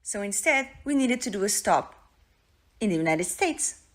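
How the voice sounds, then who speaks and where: A woman from Portugal, a native Portuguese speaker, telling a story in careful, slightly halting English. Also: medium pitch, animated. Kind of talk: casual storytelling clip.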